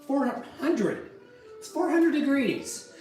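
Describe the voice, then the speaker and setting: A man hosting a playful live cooking chat in a home kitchen, gruff and mock-irritable, cursing freely. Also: very high voice, very animated, takes it slowly, darkish tone, reverberant, far from the mic, faint music behind. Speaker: cooking show host.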